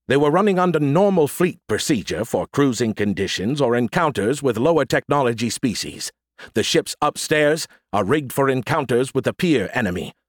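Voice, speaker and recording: A man's voice: mid-range voice, dry recording, studio quality, lightly acted. A man voicing an arrogant, sarcastic male alien AI in an audiobook, snarky and theatrical. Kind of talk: audiobook character voice.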